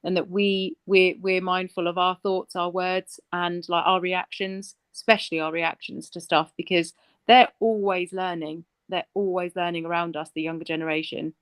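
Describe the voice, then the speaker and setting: A woman joins a casual podcast chat and talks in an earnest, thoughtful way. Her voice sits low and sounds smooth and resonant. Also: level tone, normal speed. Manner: reflective, earnest, agreeing.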